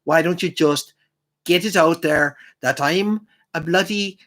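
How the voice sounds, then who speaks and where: A man's voice: a little high, unhurried, a bit bright. A man voicing an indignant Irish man with an Irish accent, ranting sarcastically about being stereotyped. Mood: sarcastic indignant.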